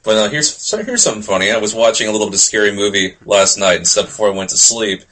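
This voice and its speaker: A man chatting on a podcast in a loose, friendly way. His voice is bright and forceful, and his pitch is lively. He laughs often between lines. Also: fast talker. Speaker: podcast co-host. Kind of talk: casual podcast chat.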